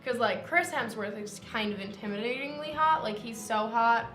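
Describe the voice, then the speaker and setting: A young woman with a slightly high voice chats and giggles her way through a game stream, teasing her co-host. Her voice sounds roomy, with game music playing underneath. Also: moderate pace, fairly bright tone. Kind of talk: casual chat while gaming.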